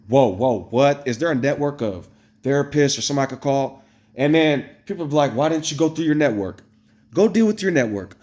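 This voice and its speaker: A man telling a story straight to his viewers in a casual, blunt, profane rant, swinging between loud exclamations and low asides. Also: animated, brisk. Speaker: vlogger. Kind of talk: casual ranting storytelling to camera.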